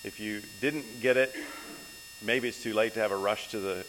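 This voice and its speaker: Male pastor at the pulpit, unhurried, pausing with fillers between phrases; long reverb and faint mains hum. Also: on the low side, fairly even intonation. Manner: unhurried, with many ums and uhs between phrases. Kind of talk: sermon. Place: church sanctuary.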